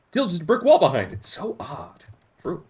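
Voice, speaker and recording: A man's voice: fairly high pitch, huge pitch swings, normal speed, darkish tone, slightly rough. A man streaming a game, reading its text aloud and commenting with amusement.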